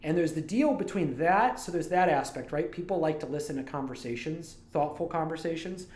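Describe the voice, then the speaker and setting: A man with a fairly high, darkish voice talks briskly and animatedly on his livestream. The Toledo, Ohio streamer and animator rambles casually, digressing from story to story, in a recording with a roomy echo.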